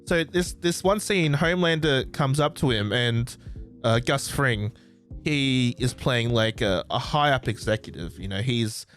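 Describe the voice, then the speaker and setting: Excitable Australian man chatting. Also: medium pitch, measured pace, faint music behind. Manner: excitable, rambling, forgets names mid-sentence. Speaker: podcast host. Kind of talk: casual chat. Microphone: desk microphone.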